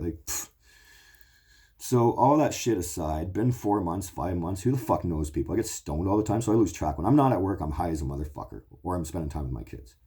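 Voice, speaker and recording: A man's voice: a bass voice, dark tone, husky. A man in his forties hosting his own show, talking in a blunt, profane, emotional rambling monologue. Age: 40s. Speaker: show host.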